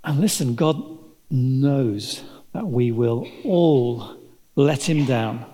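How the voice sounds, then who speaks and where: A man's voice: medium pitch, lively intonation, extremely slow, mellow. A man preaching a sermon, telling the story dramatically and acting out the voices of its characters. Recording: long hall reverb.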